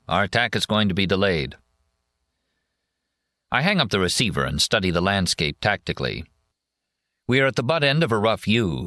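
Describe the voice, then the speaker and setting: A man narrating a first-person war memoir in a measured, plain reading voice. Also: deep voice, sharp tone, dry recording, clean studio sound. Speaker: audiobook narrator.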